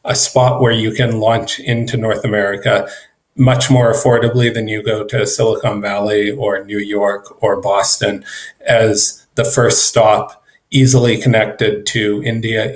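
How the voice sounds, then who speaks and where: A man's voice: on the low side, flat delivery, measured pace. A man, a government trade representative, speaking at a virtual event in a conversational way with fillers and restarts. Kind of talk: conference remarks.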